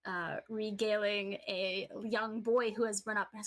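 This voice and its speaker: A woman's voice: medium pitch, little pitch movement, measured pace, hardly any pauses, fairly bright tone. A woman narrating a tabletop game as game master, casual with frequent fillers.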